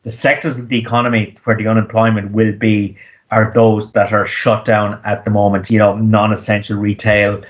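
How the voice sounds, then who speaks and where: A man, an economist, giving measured interview answers with frequent ums and restarts. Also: on the low side, level tone. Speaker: economist guest.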